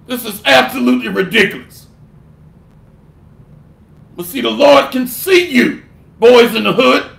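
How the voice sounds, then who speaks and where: A man's voice: very high voice, expressive, a little slow, creaky, pauses often, fairly bright tone. A man preaching a scolding sermon, delivering a fiery rebuke and mocking others with put-on voices. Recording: echoey room.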